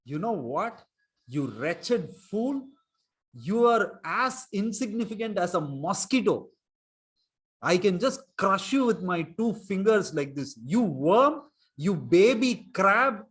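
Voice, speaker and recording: A man's voice: fairly high pitch, sing-song, slow pace. A man voicing an angry, mighty male warrior sage who scolds a demon scornfully while telling a story to children.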